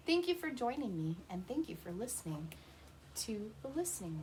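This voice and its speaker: A woman's voice: mid-range voice, sing-song, fairly quick, a little mellow, slight background noise. A woman reading a picture book aloud to young children at home, stopping to ask them questions and imitate animal sounds. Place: her home.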